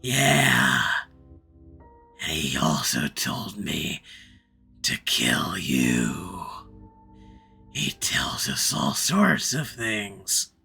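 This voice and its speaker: A man voicing a deranged, dying man who hears voices, speaking in a slow, low whisper. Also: big pitch swings, gravelly, sharp tone, husky, faint music behind, exaggerated voice. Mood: unhinged.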